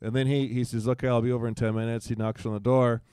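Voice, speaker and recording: Smooth-voiced man telling a personal story. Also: medium pitch, level tone, quick pace, mellow, no room sound, clean studio sound. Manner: acts out quoted dialogue in livelier voices, frequent restarts. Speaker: guest. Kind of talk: casual conversational storytelling.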